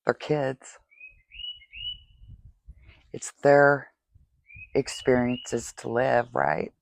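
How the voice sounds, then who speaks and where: A woman's voice: rumbling low, level tone, extremely slow, gravelly, no echo. A woman hosting a podcast, speaking candidly in a confessional monologue, often asking "right?". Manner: candid, tearful, asks rhetorical "right?". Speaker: podcast host.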